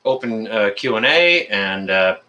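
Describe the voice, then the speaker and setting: A man's voice: fairly low pitch, expressive, measured pace, sharp tone. A man from Canada hosting a casual live stream, greeting viewers by name in a friendly, rambling way with many fillers.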